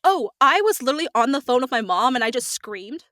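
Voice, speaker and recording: A woman voice actor chatting as a podcast guest, lively, playing out quoted voices and laughing often. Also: sits high, quick pace. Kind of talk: casual podcast interview.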